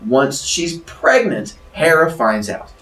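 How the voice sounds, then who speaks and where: A man's voice: a little high, sing-song, takes it slowly, a crowd in the background. A man retelling a myth as a teacher, in a playful, jokey way. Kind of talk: animated storytelling lesson. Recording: roomy, distant mic.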